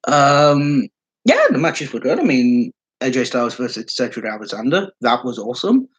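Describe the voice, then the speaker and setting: A man's voice: medium pitch, very animated, moderate pace, poor audio. A man giving casual solo commentary as a wrestling fan vlogger, rambling and swearing, with lots of fillers.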